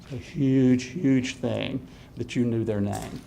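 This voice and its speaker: A man's voice: medium pitch, fairly even intonation, slow, gravelly, warm tone, slight background noise. A man presenting a workshop to college instructors, talking casually and laughing often while acting out students' questions. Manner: conversational, chuckles often, acts out student questions.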